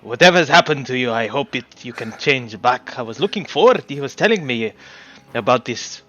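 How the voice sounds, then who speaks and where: A man voicing a hearty middle-aged male dwarf brewer in a tabletop game, with a put-on Scottish accent and a loud, blunt way of speaking. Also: mid-range voice, animated, moderate pace, highs cut off. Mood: apologetic.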